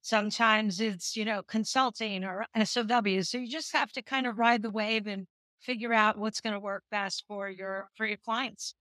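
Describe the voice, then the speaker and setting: A woman's voice: mid-range voice, fairly even intonation, normal speed, sharp tone, no room sound. Confident woman from New York City. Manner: confident, practical explaining. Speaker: guest, sales executive. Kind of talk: podcast interview.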